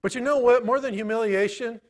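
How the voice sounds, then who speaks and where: A middle-aged man preaching a sermon, telling a personal story in a conversational way with many pauses. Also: very high voice. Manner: storytelling, conversational, pausing often. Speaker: pastor.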